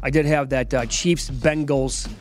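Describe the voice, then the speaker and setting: A man's voice: mid-range voice, steady tone, measured pace, soft background music. Matter-of-fact sports betting host man. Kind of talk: casual sports betting chat, reading out his bets. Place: studio at a casino sportsbook.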